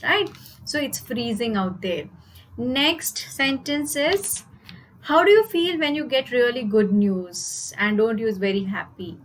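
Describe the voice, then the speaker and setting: A woman's voice: a little high, takes it slowly, a bit bright, slight background noise, low-quality recording. A woman with an Indian accent giving a live online English lesson, explaining words and asking her class rhetorical questions. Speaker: IELTS teacher.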